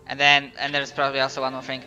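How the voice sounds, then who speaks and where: A man's voice: mid-range voice, monotone, very fast, sharp tone, dull audio, faint music behind. A man running a tabletop game as game master, narrating with hesitant fillers and self-corrections.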